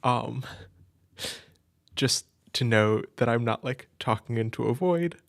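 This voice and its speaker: A man hosts a live stream in a loose, chatty way, nervous but plainly excited, with plenty of fillers and restarts. His voice has a gravelly, fry-touched edge. The sound is dry and close. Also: medium pitch, takes it slowly, no echo. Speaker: audio role-play creator hosting a live stream. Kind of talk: casual live-stream chat.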